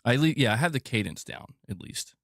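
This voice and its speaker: A man's voice: medium pitch, animated, brisk, gravelly, no room sound, studio quality. A man hosting a casual gaming news show, joking and self-mocking as he reads. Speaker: host of a gaming news channel.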